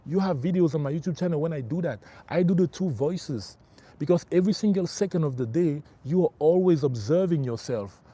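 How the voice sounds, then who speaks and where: A man's voice: on the high side, expressive, fairly quick, warm tone. A middle-aged man working as a spiritual life coach, giving an emphatic motivational livestream talk. He repeats his key phrases and calls his listeners bro.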